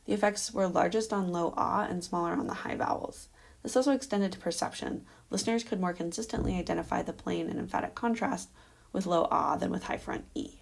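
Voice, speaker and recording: Woman, doctoral candidate, slide-by-slide academic defense talk; lowish voice with gravelly fry, measured delivery. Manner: measured, explanatory, with occasional um. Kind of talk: academic presentation over slides.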